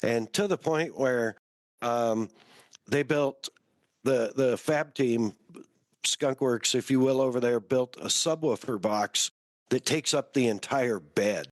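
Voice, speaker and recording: A man hosting a podcast, chatting in a relaxed, conversational way. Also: medium pitch, slow pace, no echo. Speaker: podcast host. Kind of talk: casual podcast chat.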